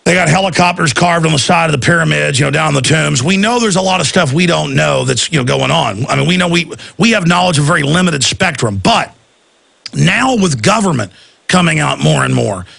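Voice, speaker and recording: Gravelly, intense talk radio host man. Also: on the high side, lively intonation, fairly quick, fairly bright tone, dry recording. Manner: intense, restarts and stumbles. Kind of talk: fast, rambling talk radio questioning.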